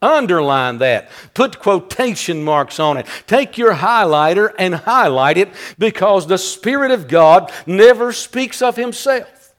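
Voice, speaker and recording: A man's voice: high-pitched, animated, a little slow, a bit bright. A man, preaching a sermon as pastor, emphatic and repetitive, building into fervent exclamations. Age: 60s.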